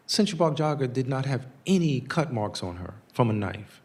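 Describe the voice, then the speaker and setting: A man's voice: medium pitch, very animated, normal speed, hardly any pauses, a little mellow. Earnest man telling a story. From United States. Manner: earnest, storytelling, acts out quotes. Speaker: guest speaker. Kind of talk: conversational public talk.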